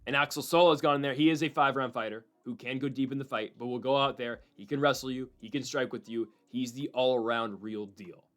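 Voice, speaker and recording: A man hosting a solo fight-prediction show, talking in an animated, opinionated way and slipping in quick voices of other people. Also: mid-range voice. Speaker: MMA prediction channel host.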